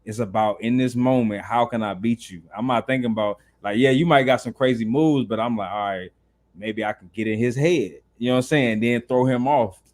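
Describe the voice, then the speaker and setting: A man from North Carolina with a Southern accent, a dancer guest chatting casually in an interview and telling animated, slangy stories. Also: medium pitch, a little fast.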